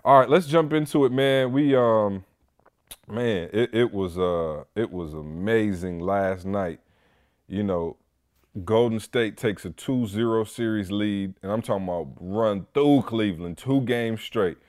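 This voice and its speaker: Young guy hosting a chat show, slangy, jumps way up in pitch doing other people's voices. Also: a little slow. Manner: animated storyteller, mimics people in high-pitched voices. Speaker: podcast host. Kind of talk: casual chat.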